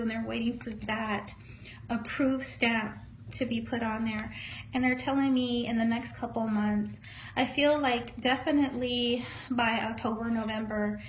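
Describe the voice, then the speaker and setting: High-voiced, earnest woman psychic medium. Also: slight background noise, low-quality recording. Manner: earnest, encouraging, folksy, calls listeners honey. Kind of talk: live-streamed spiritual reading, casual.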